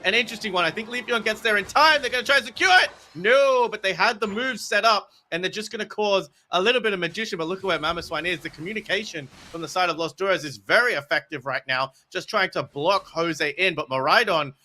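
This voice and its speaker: A man doing excitable play-by-play commentary for an esports match, calling the action quickly with big swings in his voice. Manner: fast excitable calls with pitch swings.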